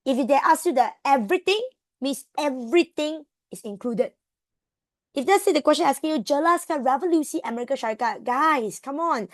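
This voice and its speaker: High-pitched Malaysian woman tutor. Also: no echo. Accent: Malaysian English. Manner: animated, code-switching, drills students with questions. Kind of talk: exam revision lesson.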